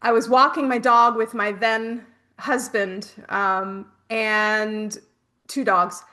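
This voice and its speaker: A woman's voice: a little high, flat delivery, takes it slowly, bright, forceful tone. A middle-aged woman hosting a spiritual workshop, telling chatty personal stories with casual swearing.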